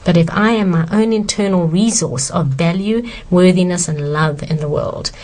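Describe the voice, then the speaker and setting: A woman's voice: on the low side, normal speed, darkish tone. A woman author earnestly answering questions about self-esteem, emphatic and sincere.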